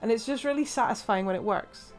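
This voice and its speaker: A woman's voice: on the high side, brisk, soft background music. An English woman giving casual, rambling commentary while playing a video game. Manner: chatty, rambling, many fillers and laughs. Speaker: let's play host.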